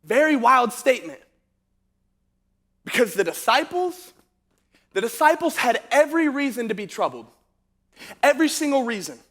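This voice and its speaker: A youth pastor with a very high, bright man's voice, full of bro and dude. He rolls through a comic story, then eases into a quieter, earnest tone to teach from scripture. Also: moderate pace, long pauses. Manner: slangy and animated, calls the crowd bro and dude. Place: church youth service venue.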